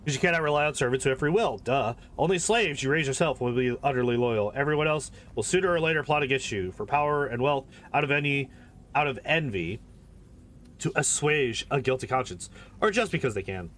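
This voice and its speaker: A man's voice: mid-range voice, expressive, a little fast, a bit bright, a little hiss or hum, natural voice. A man voicing an imperious male lich mentor who lectures with cold, condescending scorn. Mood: haughty.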